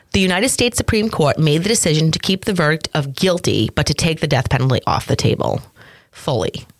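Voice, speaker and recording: A woman co-hosting a true crime podcast, reading out case details and breaking in with quick reactions and jokes. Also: low-pitched, no echo. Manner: reads case notes then jokes and comments. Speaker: podcast co-host.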